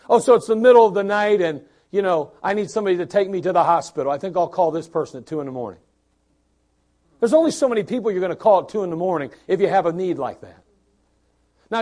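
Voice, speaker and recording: A man's voice: sits high, darkish tone. An older man preaching a sermon as pastor, repeating lines and building to bursts of emphasis.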